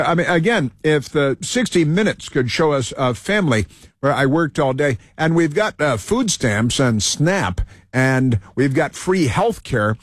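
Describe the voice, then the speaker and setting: A radio talk show host, a man with a fairly high-pitched voice, rambles through an opinion monologue packed with fillers and restarts. The recording is dry.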